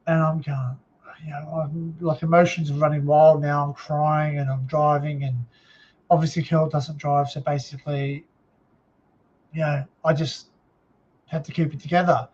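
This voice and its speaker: An Australian man tells a painful personal story on his live stream, stopping and restarting often and filling the gaps with ums. His voice sits a little high for a man. The audio is dull and lo-fi. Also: little pitch movement, a little mellow. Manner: halting, many fillers and restarts. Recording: dull lo-fi sound.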